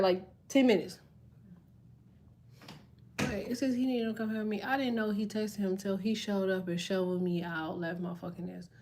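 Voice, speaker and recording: A woman reading tarot who reacts to viewer comments in casual live-stream chat. She swears freely, jokes, and laughs often. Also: medium pitch. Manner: profane, laughs often, jokey banter.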